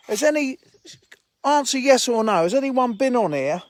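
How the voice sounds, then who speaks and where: A man's voice: extremely high pitch, lively intonation, normal speed. A man hosting a casual outdoor livestream by a fishing lake, rambling bluntly and chatting with viewers. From England. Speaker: livestream host. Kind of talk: casual livestream chat reading viewer comments.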